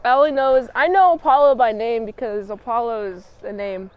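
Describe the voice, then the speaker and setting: Woman, show reviewer, high voice, rambling, playful, casual recap. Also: fairly quick, clean tone, highs cut off.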